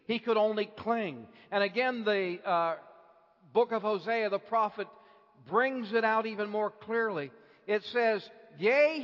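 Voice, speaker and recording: Male preacher, slow measured sermon delivery, hushed to impassioned, echoing church hall. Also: high voice. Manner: builds from hushed to impassioned, slow deliberate phrasing. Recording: dull lo-fi recording with long hall reverb.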